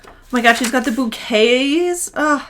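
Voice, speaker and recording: A woman's voice: high-pitched, measured pace, fairly bright tone, a little hiss or hum. Chatty young woman vlogger, gushing, casual and unscripted. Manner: gushing, chatty, rambling with restarts. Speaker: knitting vlogger and yarn dyer. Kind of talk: casual vlog chat.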